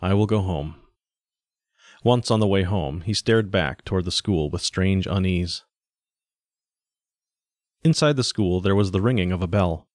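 A man narrates a story in a steady, even audiobook style. His voice is very low, and the close recording sounds dry with no room echo. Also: moderate pace, pauses often.

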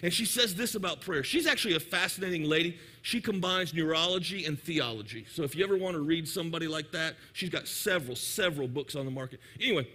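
A man preaching a lively, joking sermon in church, sometimes shouting for emphasis. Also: fairly high pitch, fast, hardly any pauses, slightly rough. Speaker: pastor. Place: church sanctuary.

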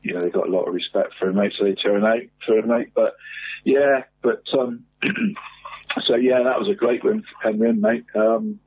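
Chatty male football presenter, husky voice, heavy on "mate", phone-quality radio audio. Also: lowish voice, animated, moderate pace, no echo. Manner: says "mate" constantly, chatty and rambling. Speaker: local football results presenter. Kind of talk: casual radio football chat.

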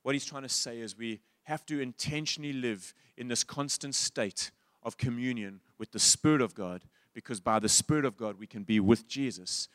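A man preaching a sermon as a pastor, quoting writers and speaking with lively swings in pitch and loudness. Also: normal speed, no echo, clean studio sound. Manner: animated, rises high and loud when quoting.

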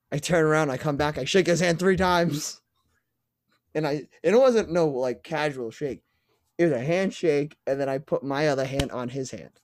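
A young man, a podcast co-host, telling an excited story in casual chat and swearing now and then. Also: mid-range voice, dry recording, studio quality.

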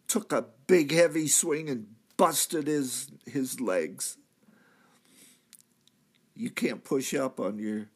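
A man playing a repentant thief from the crucifixion, telling his story earnestly in a church drama monologue. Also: medium pitch. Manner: earnest storytelling, swelling to cries at key moments. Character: repentant male thief, crucified, now redeemed.

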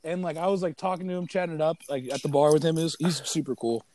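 A young man with a notably high voice tells quick stories on a casual podcast. He sounds animated as he talks. Faint background noise runs under him.

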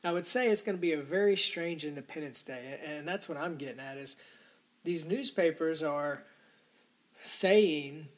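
A man's voice: on the high side, normal speed. Profane, rambling man ranting. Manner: profane, rambling, indignant rant. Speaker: podcast host. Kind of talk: ranting solo podcast monologue.

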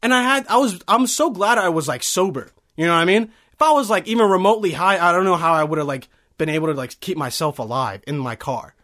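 A man's voice: high-pitched, lively intonation, quick pace, hardly any pauses, pushed and bright. A man in his early twenties, from Bosnia, telling a heated, profane story in casual chat. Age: early 20s.

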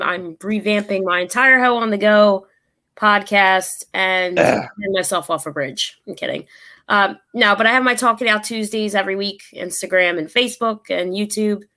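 Bright-voiced woman, joking and upbeat. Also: mid-range voice, normal speed. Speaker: podcast guest. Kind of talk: casual podcast chat.

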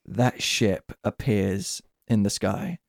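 A man hosting a casual podcast chat, lively and acting out quoted lines in little voices. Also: lowish voice, takes it slowly, creaky, no echo, clean studio sound. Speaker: podcast host.

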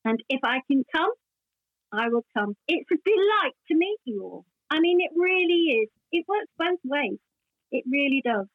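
A woman's voice: sits high, lively intonation, moderate pace, no echo. Older woman telling stories over a tinny line. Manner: warm, chatty anecdotal storytelling with many restarts. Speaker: actress guest. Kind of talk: casual interview chat. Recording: dry tinny phone-like line.

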